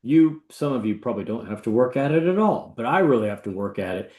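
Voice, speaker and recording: A man's voice: medium pitch, quick pace. A real estate agent, a man, chats loosely and animatedly. He slips into the voices of the people in his story. His voice sits in the middle range and bounces around a roomy, echoey space. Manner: animated, acts out the people he quotes. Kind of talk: casual storytelling talk. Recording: echoey room.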